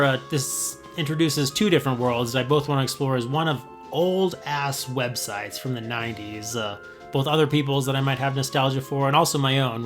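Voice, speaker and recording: A man in his thirties reading aloud and commenting as a video host, halting with many fillers and self-mocking asides. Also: mid-range voice.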